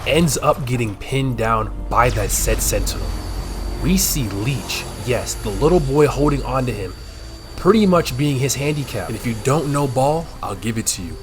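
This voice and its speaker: A man recaps a show for laughs in a loose, slangy voice. His pitch jumps around a lot, and he bursts out loudly now and then. Clear background music plays under him. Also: normal speed. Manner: slangy, animated, swings to loud outbursts. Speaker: recap commentator. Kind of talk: comedic show recap narration.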